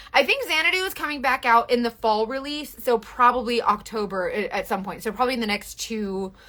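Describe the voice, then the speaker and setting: A young woman talks straight to her phone during a live makeup stream, gushing and joking with her viewers. Her voice sits a little high and rings bright and forceful, with a chatty, self-deprecating flow.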